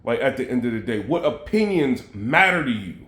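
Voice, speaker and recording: A fairly quick, sing-song, medium-pitched voice with a fairly bright tone belongs to this battle rap commentator, heard in a roomy recording. Addressing viewers head-on, he stays conversational, filler-heavy and full of loose asides and "you know what I mean."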